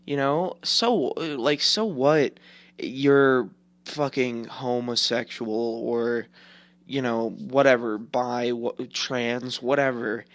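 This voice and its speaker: A man's voice: medium pitch, a bit bright, dry recording. Young guy podcast host rambling and swearing a lot, lots of likes and you knows, mid voice, dry close sound. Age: 20s. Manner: rambling, profane, heavy filler words. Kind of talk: casual opinion rant.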